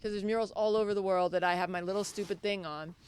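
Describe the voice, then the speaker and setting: A woman's voice: medium pitch, steady tone, fast talker, clear, resonant tone. A woman artist talking in a casual chat, rambling and full of "like" and "you know.". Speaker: muralist guest. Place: outdoor patio.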